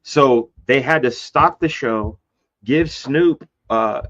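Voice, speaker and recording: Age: adult. Sex: man. Style: lively storytelling. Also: slow. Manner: animated, acts out quoted voices with big pitch jumps; loose and rambling with many fillers and restarts. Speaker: guest; comic book artist. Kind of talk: casual storytelling in a conversation. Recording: slightly dull lo-fi sound.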